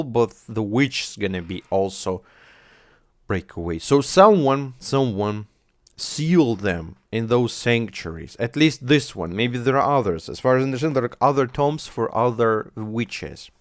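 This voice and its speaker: A man reacting to an anime episode, thinking out loud in a rambling way and swearing now and then. His voice sits at a middling pitch. The sound is dry and close. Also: expressive, normal speed, no echo. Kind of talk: casual reaction commentary. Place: home, on a squeaky chair.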